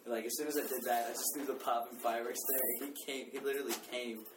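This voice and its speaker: A man's voice: mid-range voice, fairly even intonation, rapid-fire. A young man telling a party prank story in casual chat, rambling with lots of fillers and swearing. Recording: echoey room, far from mic, noisy.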